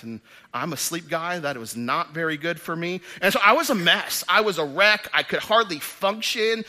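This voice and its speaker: High bright-voiced man preaching. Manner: energetic, swings from loud emphatic to quiet. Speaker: pastor. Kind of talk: sermon.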